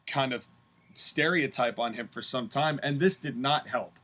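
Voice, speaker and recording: A man co-hosting a podcast in casual chat, opinionated and animated when he retells events. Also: medium pitch, measured pace. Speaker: podcast co-host.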